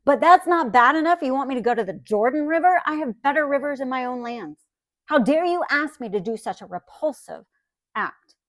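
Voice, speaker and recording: A woman's voice: high voice, lively intonation, fairly quick, no echo, clean studio sound, voice pushed up. A woman playing an outraged proud commander. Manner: indignant, raised voice. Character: proud, outraged foreign army commander, male.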